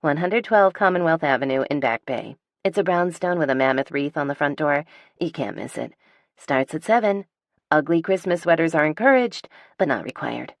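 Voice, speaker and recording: A bright, insistent young woman who will not take no for an answer, as a female audiobook narrator puts her on. The voice sits a little higher and livelier than the reader's own dark tone, and it comes across close and dry. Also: animated, moderate pace, no echo. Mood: cheerful. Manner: bright and insistent, talking over objections. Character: bubbly, pushy young woman, stubbornly determined.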